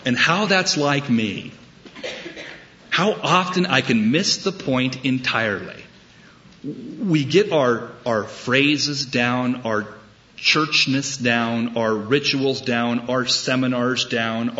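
A man preaching a sermon, telling a story with wry humor and deliberate emphasis. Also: medium pitch, lively intonation, pushed and bright, highs cut off. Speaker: pastor.

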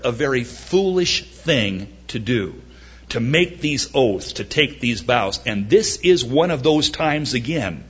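A male pastor delivering a sermon with a lively, swinging pitch and a slightly husky voice. He acts out quoted laments with mock drama and drops dry jokes between unhurried, emphatic points. The recording sounds dull and lo-fi. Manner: animated, dramatic quoting with mock-wailing and wry humor.

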